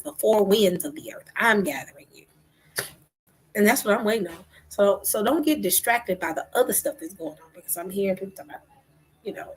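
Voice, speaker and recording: A woman giving impassioned religious commentary, asking rhetorical questions and dropping into whispers between loud outbursts. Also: medium pitch, rough recording. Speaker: online talk host.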